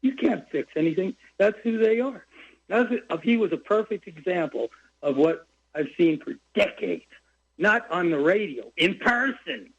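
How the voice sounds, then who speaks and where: High-pitched older man ranting on a phone line. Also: lively intonation, normal speed, creaky, slightly rough. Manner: rambling, heated, jumps between topics. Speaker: caller. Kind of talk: call-in radio rant. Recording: dull lo-fi phone call.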